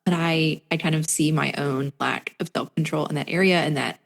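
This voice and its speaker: A woman's voice: low-pitched, fairly even intonation, normal speed, vocal fry. A woman guest on a podcast, talking reflectively and hesitantly with many filler words. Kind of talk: casual conversation. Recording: long reverb.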